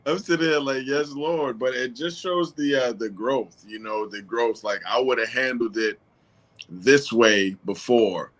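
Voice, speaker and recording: A man speaking as a podcast guest in casual conversation, relaxed and affirming, with loose phrasing. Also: medium pitch, unhurried.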